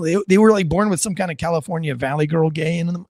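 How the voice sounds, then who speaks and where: A man's voice: high-pitched, fast talker, hardly any pauses, a little mellow, dry recording, studio quality. A man hosting a livestream, ranting bluntly and profanely with wisecracks and reading out chat comments. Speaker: livestream show host and military veteran.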